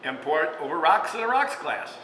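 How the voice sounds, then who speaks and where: A man's voice: fairly high pitch, big pitch swings, a little fast. A man hosting a casual cooking show as a restaurant chef, chatting and telling stories with lots of fillers and little chuckles. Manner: chatty storyteller, frequent fillers, chuckles mid-sentence. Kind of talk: casual cooking demonstration with anecdotes. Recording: echoey room with long reverb, faint background hum.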